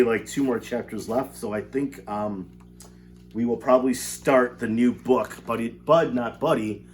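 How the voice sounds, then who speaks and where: A male teacher reading a novel aloud to his class from home, then chatting casually about homework. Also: medium pitch. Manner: animated reading, relaxed chatty asides with fillers.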